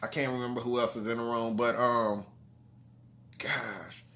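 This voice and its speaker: This father of grown sons speaks in a medium-pitched, flat, unhurried voice over a bit of hiss or hum. Earnestly and conversationally, he tells his audience a heartfelt personal story, often adding "you know what I'm saying," with trailing restarts and soft dips in volume.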